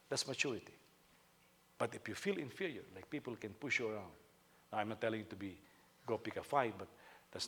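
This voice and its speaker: A male senior pastor preaching a sermon, telling stories with sudden loud bursts of emphasis. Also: mid-range voice, a little hiss or hum.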